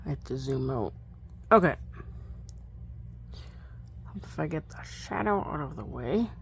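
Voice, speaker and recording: A woman casually practicing a recitation at home, thinking aloud, correcting herself and murmuring soft asides. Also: deep voice, animated, unhurried, gravelly, pauses often, a little hiss or hum. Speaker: Latin learner recording her practice. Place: bedroom at home.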